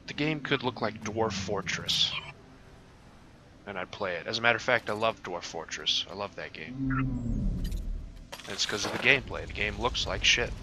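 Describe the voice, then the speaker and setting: A young gaming channel host casually commentates over his game, rambling with lots of fillers and casual swearing, hiccuping and clearing his throat now and then. His voice is lowish at normal speed with long pauses, over a noisy background.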